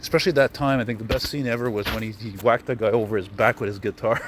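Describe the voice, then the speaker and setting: A man's voice: mid-range voice, fairly even intonation, fast talker. Guy rambling on a night walk, camera mic, traffic noise all around. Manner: rambling, chatty, easily amused. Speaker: vlogger host. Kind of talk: casual walking vlog. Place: city streets at night, outdoors. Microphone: handheld camera while walking. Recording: noisy street outdoors.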